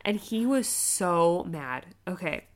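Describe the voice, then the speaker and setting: A young woman, a mother and podcast co-host, telling stories in a casual chat, animated and full of "like" fillers, laughing as she goes. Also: fairly low pitch, takes it slowly.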